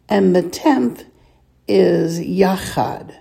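Slow, patient woman teaching reading. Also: fairly low pitch, dark tone. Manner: patient, clears throat often, sounds words out slowly. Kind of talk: slow reading lesson with repeat-after-me drills.

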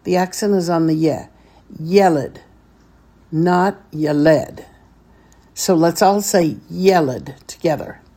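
A woman's voice: lowish voice, normal speed, hardly any pauses, mellow. A woman teaching a beginners' Hebrew reading lesson, patiently sounding out each syllable step by step.

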